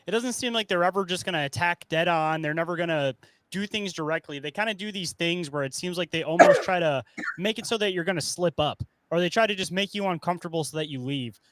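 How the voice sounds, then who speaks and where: A man hosting a live talk show, easygoing and chatty. His voice sits a little high for a man, and it sounds dry and close to the mic. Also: fast talker, a bit bright, no room sound. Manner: easygoing, laughs along. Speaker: host. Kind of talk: casual chat.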